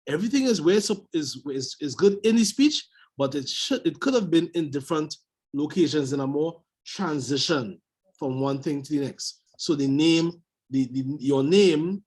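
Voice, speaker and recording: A man's voice: fairly high pitch, a little mellow, husky. A man on a video call giving emphatic coaching feedback on a speech, repeating his points. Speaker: speech evaluator.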